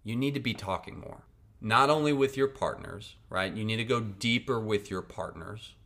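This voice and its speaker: With a lowish, sharp-toned voice at normal speed, a man hosts a podcast and dispenses casual advice bluntly, profanely, and emphatically. He stays conversational, frequently checking in with listeners by asking "right?" and "okay?".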